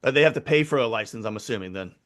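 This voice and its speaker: A man's voice: medium pitch, animated, very fast. A man hosting a casual podcast chat, asking short, easygoing follow-up questions.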